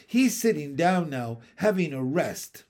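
A man's voice: fairly high pitch, sing-song, unhurried, a little mellow. A man voicing a curious young boy who chats and describes what he sees, in a storybook reading. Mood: chatty. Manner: chatty, describing.

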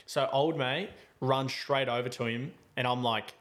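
A man's voice: mid-range voice, fairly even intonation, measured pace, fairly bright tone. A man, a podcast host telling a travel story in casual, rambling chat full of slang and fillers.

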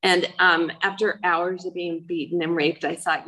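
A woman's voice: lowish voice, little pitch movement, moderate pace, hardly any pauses, pushed and bright, low-quality recording. A middle-aged woman giving a personal testimony talk, earnest and emotional, with many fillers. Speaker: speaker sharing her life story.

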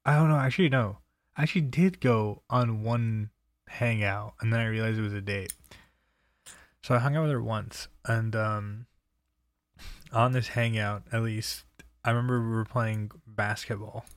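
A man's voice: fairly low pitch, moderate pace, dry recording. A young man telling personal stories in a casual, rambling way, swearing freely and filling with "like" and "um". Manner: rambling and profane, full of fillers. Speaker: storyteller.

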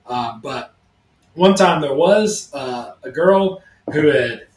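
Man, fairly high voice, rambling storyteller, roomy echo, a bit off-mic. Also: slow pace, recorded from a distance. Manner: rambling, animated storyteller who acts out quotes. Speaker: podcast co-host. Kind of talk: casual storytelling chat.

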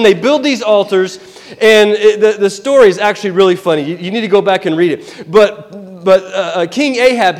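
A man preaching a sermon, retelling a Bible story in an animated, conversational way with asides. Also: high voice, in a large hall.

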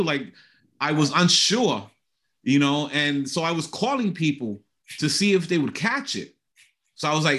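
Speaking unhurriedly in a slightly high voice, a middle-aged man tells his personal testimony as an interview guest. The conversation is casual, and he comes across as earnest and animated.

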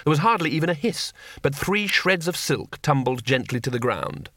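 Man, audiobook narrator, animated delivery, bright voice. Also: on the high side, normal speed, dry recording, studio quality. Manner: expressive storytelling. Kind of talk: scripted narration.

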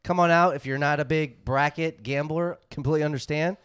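A man's voice: fairly even intonation, fairly quick, a bit bright, clean tone, dry recording. Upbeat podcast co-host man. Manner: upbeat, reads ads with a pitchman push. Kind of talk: casual chat.

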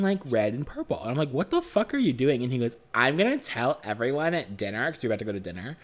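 A man's voice: mid-range voice, a bit bright. A young man co-hosting a podcast, telling a story casually, swearing often and acting out the lines he quotes. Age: young adult. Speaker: podcast co-host.

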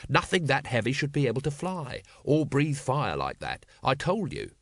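A man voicing a gruff, bitter city watch captain who talks in a low, grumbling growl. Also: wildly swooping pitch, moderate pace, fairly bright tone, no echo, clean studio sound, full character voice.

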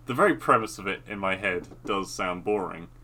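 A man's voice: sits low, expressive, fairly quick, sharp tone. A man from Britain chatting casually about films with friends, rambling and hesitant, with many restarts. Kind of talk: casual movie review chat.

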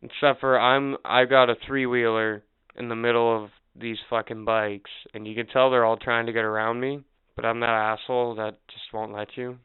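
A man co-hosting a podcast, telling stories in casual chat, animated and profane, acting out what others said. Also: mid-range voice, normal speed, clear, resonant tone. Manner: animated, profane, acts out quotes. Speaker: podcast co-host. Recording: tinny phone-like sound.

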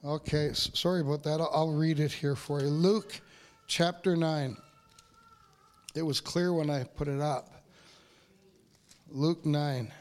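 A pastor preaching a sermon in a church, talking to the congregation in a loose, conversational way with fillers and asides. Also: male voice, unhurried, pauses often. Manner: builds to excited, higher-pitched preaching.

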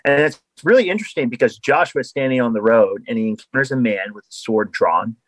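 A man's voice: mid-range voice, animated, quick pace, fairly bright tone, dry recording, low-quality recording. A man, a podcast guest, talking in an earnest, explanatory way in casual conversation.

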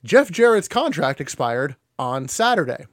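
A man's voice: on the high side, big pitch swings, measured pace, dry recording. A man co-hosting a casual podcast, recapping wrestling matches play by play with a dry, sardonic edge. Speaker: podcast co-host.

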